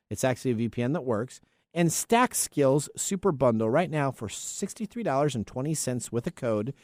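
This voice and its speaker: A man's voice: mid-range voice, a little mellow, no room sound, studio quality. A man hosting a tech podcast in casual chat, rambling and often stumbling over names. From US Pacific Northwest. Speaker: podcast host.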